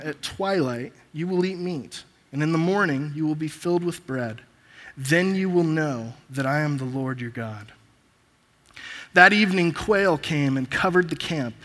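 A man's voice: fairly high pitch, fairly bright tone. Preaching man in a reverberant hall. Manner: preaching, reading scripture aloud with pauses. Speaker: pastor. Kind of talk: sermon with scripture reading. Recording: long reverb of a large hall.

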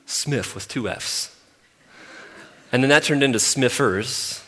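A man in his thirties preaching a sermon, emphatic and repetitive, swinging from loud to soft. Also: mid-range voice, takes it slowly. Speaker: pastor. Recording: long hall reverb.

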